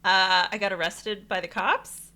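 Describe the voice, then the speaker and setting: A woman in her forties co-hosting a casual podcast chat, playful and quick to laugh. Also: medium pitch, fairly even intonation, pushed and bright. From USA. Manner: giggly and playful. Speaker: podcast co-host.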